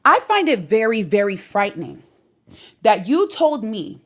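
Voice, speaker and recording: A woman vlogger delivering an opinion callout rant in a sassy, profane, animated way. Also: medium pitch, measured pace.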